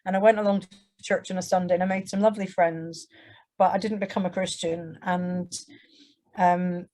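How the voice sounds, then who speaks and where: A woman's voice: on the low side, steady tone, normal speed, mellow. A young English woman telling her testimony to a church audience in a conversational way, with frequent restarts and acted-out quotes. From England. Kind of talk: personal testimony told to an audience.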